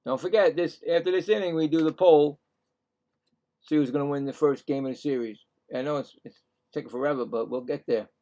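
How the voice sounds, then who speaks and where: A man doing live play-by-play commentary on a baseball game, chatty and excitable, getting louder on big plays. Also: on the high side, highs cut off. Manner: acts out players' thoughts in quick asides.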